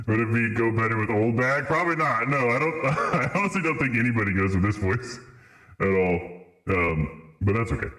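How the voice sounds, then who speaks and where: A man's voice: fairly low pitch, a bit bright. A man streaming a game live, bantering playfully with chat and laughing often. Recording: roomy echo with music behind.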